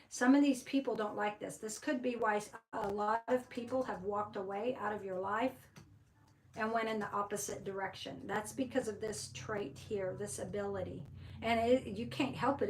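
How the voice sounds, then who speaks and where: A woman's voice: medium pitch, a little mellow, far from the mic, slight background noise, poor audio. Rambling woman giving a tarot reading. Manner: rambling, many fillers and restarts. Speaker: tarot reader.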